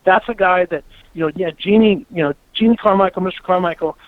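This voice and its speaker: A man hosting a casual chat, telling animated stories and swearing freely. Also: sits high, quick pace, dry recording, narrow, tinny audio. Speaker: podcast host, former racer.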